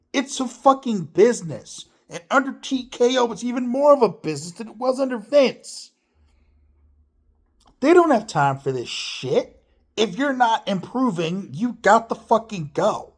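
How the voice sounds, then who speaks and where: A man ranting to camera about wrestling, swearing freely and sounding exasperated. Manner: lively, swooping pitch. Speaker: wrestling commentator. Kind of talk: opinion rant to camera.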